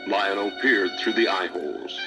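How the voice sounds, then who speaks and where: A man's voice: sits low, normal speed, music in the background. A man narrating a children's storybook record in a dramatic read-aloud style.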